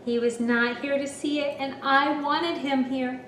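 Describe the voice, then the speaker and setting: A woman voicing a gentle male elephant in a storybook, reading slowly and with emphasis. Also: high-pitched, fairly even intonation, a little hiss or hum. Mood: wistful. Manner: slow, emphatic read-aloud delivery. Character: gentle male elephant, sad then glad. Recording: roomy, from a distance.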